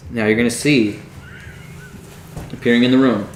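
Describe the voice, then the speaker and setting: A man running a tabletop game as dungeon master, narrating scenes in a low, hushed storytelling voice. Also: fairly even intonation, moderate pace, echoey room, a little hiss or hum, poor audio.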